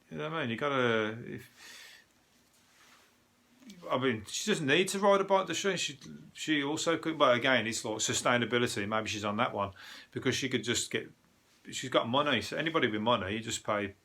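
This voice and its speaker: A comedian with a Birmingham accent rants his way through the day's news in a loose, sweary, rambling style. His voice is bright and forceful, at an ordinary male pitch. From English Midlands. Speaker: comedian podcast host. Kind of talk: casual news-review rant.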